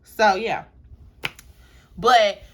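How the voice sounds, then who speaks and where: A woman's voice: medium pitch, drawn-out words, a little hiss or hum. Chatty young woman telling a storytime. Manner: casual and animated, with frequent fillers and acted-out quotes. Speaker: YouTuber. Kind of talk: storytime vlog.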